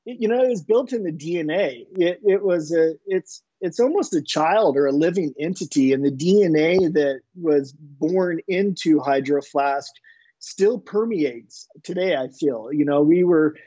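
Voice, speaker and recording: A middle-aged man with a fairly high, mellow voice tells a long story in a casual interview. He rambles a little and restarts his sentences. The sound is dry and a bit dull. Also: a little slow, husky, no echo. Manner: relaxed, rambling anecdotes with many restarts. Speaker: inventor and entrepreneur guest.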